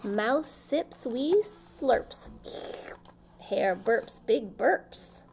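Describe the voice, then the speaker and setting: A young adult woman reading a picture book aloud as a storyteller, expressive and sing-song. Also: fairly high pitch, extremely slow, soft background music.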